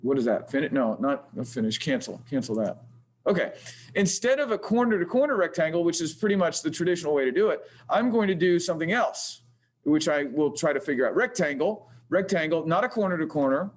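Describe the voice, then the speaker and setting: Hesitant man thinking aloud, slightly high. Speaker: engineering teacher. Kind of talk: screen-recorded software tutorial. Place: classroom with projector. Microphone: computer mic while demonstrating.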